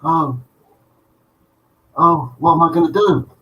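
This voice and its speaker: A man's voice: a little high, slow, a bit bright, far from the mic, muffled recording, slight background noise, pitched above the performer's own voice. A polite pub-going rabbit, as a man tells a joke. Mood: polite, fretful.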